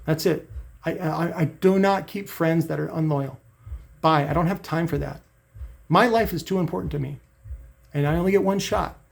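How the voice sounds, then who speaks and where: A middle-aged man vents in a blunt, profane vlog rant. His voice sits a bit high for a man and has a gravelly, rough edge. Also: normal speed, pauses often. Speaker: channel host.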